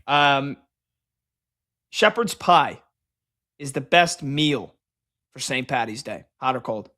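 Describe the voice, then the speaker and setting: Guy cohosting sports radio, bright voice, rambly and jokey. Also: mid-range voice, animated, takes it slowly. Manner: loose, rambling, joking. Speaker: radio show co-host. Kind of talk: casual sports radio banter.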